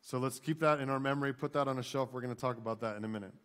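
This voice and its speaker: A man in his thirties preaching a sermon in a church, talking to the congregation conversationally with frequent "right?" tag questions and animated storytelling. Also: medium pitch, very fast. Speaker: pastor. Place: church sanctuary.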